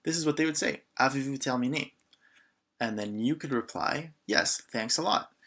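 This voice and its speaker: A man's voice: medium pitch, moderate pace, fairly bright tone. A man from Canada teaching a beginner lesson in a casual way, asking learners questions and often saying um. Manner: patient, prompts learners with questions, frequent ums. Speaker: French teacher.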